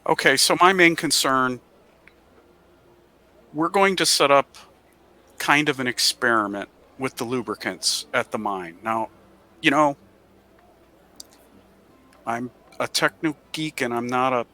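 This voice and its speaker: A man's voice: medium pitch, expressive, measured pace, long pauses, bright, forceful tone. A man playing a tabletop game, earnestly reasoning through his character's plans. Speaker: player.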